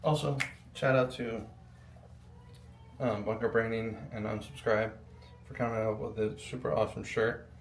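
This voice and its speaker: A man's voice: fairly low pitch, steady tone, moderate pace, long pauses, a little hiss or hum. A young adult man rambling casually while building a PC, with lots of ums and the odd swear word. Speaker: PC builder vlogger. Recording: echoey room with faint ambience.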